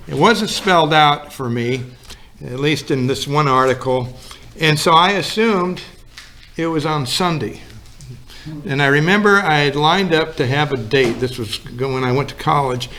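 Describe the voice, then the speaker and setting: A man's voice: a little high, a bit bright, a little hiss or hum. A male pastor giving a sermon in a folksy storytelling manner, acting out the lines of the people in his story.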